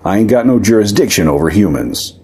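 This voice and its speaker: Man playing a steady frontier warlock lawman. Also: fairly low pitch, a little fast, slightly rough. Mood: stern.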